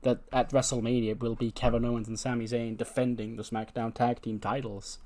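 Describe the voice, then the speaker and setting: A man's voice: medium pitch, flat delivery, brisk, dark tone. Chatty man commenting on a game. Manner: chatty, laughs, swears casually. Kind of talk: casual let's-play commentary.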